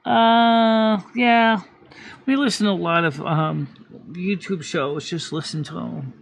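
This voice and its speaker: A man's voice: sits high, slow pace, creaky, dry recording. A man hosting a live stream in casual chat, rambling with many restarts and self-corrections.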